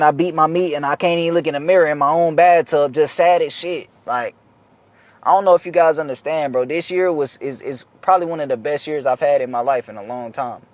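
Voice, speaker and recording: Young man, vlogger, earnest motivational chat, slangy, fairly high voice, dry close sound. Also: no echo. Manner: earnest, repetitive, slangy, restarts phrases. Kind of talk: casual motivational talk to camera.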